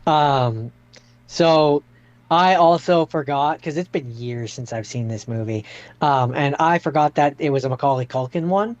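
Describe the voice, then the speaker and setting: Halting man in his thirties, dull dry sound. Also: fairly high pitch, dry recording. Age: 30s. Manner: halting, many fillers. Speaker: podcast co-host. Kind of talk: casual movie review chat.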